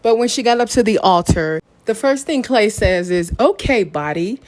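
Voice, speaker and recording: A woman's voice: a little high, moderate pace, a little mellow. A woman hosting a podcast, recapping a reality show in a candid, opinionated, casual way. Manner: opinionated, candid, retells scenes in detail. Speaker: podcast host.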